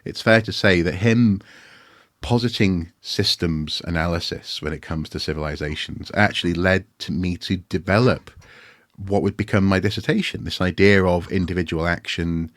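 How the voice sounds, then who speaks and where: Guy, deep voice, dry close sound, rambling self-mocking story. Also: moderate pace, no echo. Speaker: podcast co-host. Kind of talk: casual anecdotal chat.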